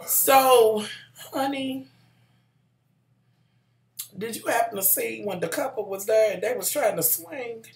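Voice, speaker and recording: A woman's voice: on the high side, takes it slowly, pauses often. A middle-aged woman, reviewing a TV show in sassy, salty casual chat and calling her viewers honey. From Kentucky, USA. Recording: roomy echo.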